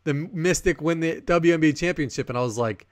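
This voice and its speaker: A man co-hosting a sports podcast in casual chat, rambling and animated, laughing often. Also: a little high, brisk, no echo, studio quality. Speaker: podcast co-host.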